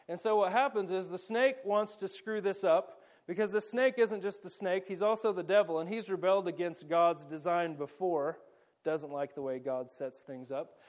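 A man's voice: high-pitched, darkish tone. A man preaching a sermon, explaining with energy and playful asides while volunteers act out a scene. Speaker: pastor.

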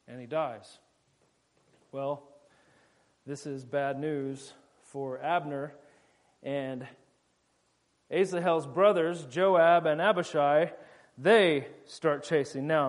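A man preaching in a casual, jokey way, retelling a scripture story with quick voiced asides. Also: high voice.

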